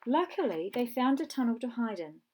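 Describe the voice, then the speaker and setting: A woman narrating a children's storybook in a clear, measured way with dramatic pauses. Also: a little high, very animated, a little mellow.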